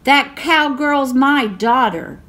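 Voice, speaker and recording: A woman voicing a sharp-tongued, protective ranch mother who scolds in a drawl. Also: extremely high pitch, very animated, takes it slowly, voice pushed up, exaggerated voice. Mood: scolding.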